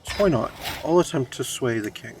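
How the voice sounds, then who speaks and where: A man's voice: medium pitch, lively intonation, normal speed, slight background noise. A man commenting on a strategy game playthrough, speaking wryly in character as his medieval ruler and reading event text aloud. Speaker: game streamer.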